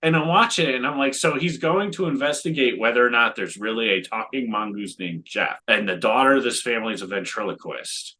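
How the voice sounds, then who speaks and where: A man's voice: mid-range voice, a little fast, few pauses, pushed and bright. A man co-hosting a casual movie podcast, rambling with many fillers and acted-out reactions. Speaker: podcast co-host. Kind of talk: casual chat.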